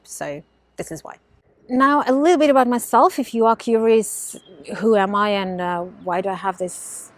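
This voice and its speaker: A woman from Russia with a subtle Russian accent touched by Australian influence, talking casually to camera as a life coach in a candid, animated way. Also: medium pitch. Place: home in London.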